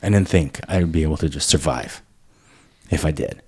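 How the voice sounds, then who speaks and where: A man's voice: very deep voice, normal speed, breathy edge. A man hosting a casual interview, speaking frankly and reflectively, with some swearing. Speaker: podcast host.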